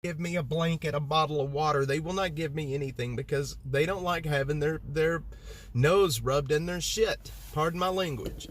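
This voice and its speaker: Man, livestream host, fired-up, rambling, slightly high voice, talking from his car. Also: a little fast, hardly any pauses, no room sound. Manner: rambling and heated, repeats himself. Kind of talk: livestream chat reading viewer comments. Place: inside a vehicle.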